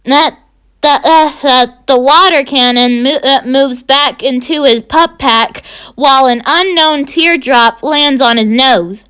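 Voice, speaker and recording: Woman, storyteller, reads a fan story aloud, halting, fillers and restarts, high voice. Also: fairly bright tone.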